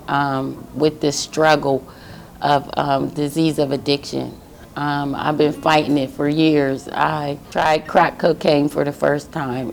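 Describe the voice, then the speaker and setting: A middle-aged woman giving an emotional personal testimony, halting and pausing often. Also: low-pitched, creaky, slight background noise. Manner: emotional, halting, with many pauses. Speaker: testimony speaker.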